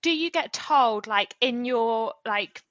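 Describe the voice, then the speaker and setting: A woman co-hosts a casual chat, laughing often and asking meandering questions. Her voice is bright and crisp-edged. The recording sounds dry and slightly dull. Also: on the high side, lively intonation, slow pace, dry recording.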